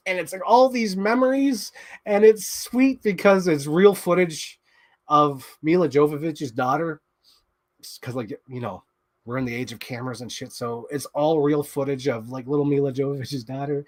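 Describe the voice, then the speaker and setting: Excitable man rambling a movie recap. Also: fairly high pitch, moderate pace. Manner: excited, rambling, swears casually. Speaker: show host. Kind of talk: casual movie recap chat.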